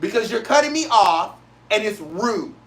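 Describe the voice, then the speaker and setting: A man's voice: high-pitched, lively intonation, moderate pace. Blunt, emphatic man ranting. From St. Louis, Missouri, USA. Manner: emphatic, repetitive, blunt and profane. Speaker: show host. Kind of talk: casual solo talk-show rant.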